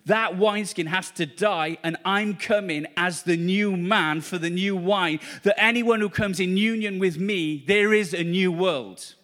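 Man, preacher, high voice, fervent, repetitive, exclaiming, charismatic sermon. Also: unhurried, hardly any pauses, a bit bright.

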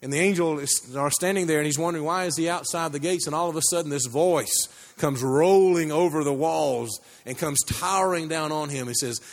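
A man preaching a sermon, telling a story with many restarts and climbing pitch as he builds. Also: brisk, hardly any pauses. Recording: long hall reverb.

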